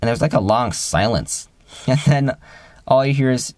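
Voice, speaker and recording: A young man with a mid-range voice tells a personal story in a rambling, casual way, full of fillers and restarts. He raises his pitch when he acts out the friends he quotes. The sound is dry and close, with no room echo. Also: lively intonation, unhurried, darkish tone.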